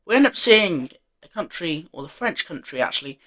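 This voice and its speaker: A man's voice: a little high, sing-song, normal speed, a bit bright. A man narrating an alternate-history map in a casual, rambling way, full of fillers and offhand self-corrections.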